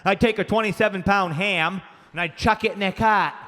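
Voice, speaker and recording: Male stand-up with a Maine accent, loud and crude, live room with faint crowd noise. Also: high-pitched, moderate pace. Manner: loud, crude storytelling with acted-out voices. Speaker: stand-up comedian. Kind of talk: stand-up comedy routine. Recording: live club recording with long reverb and faint ambience.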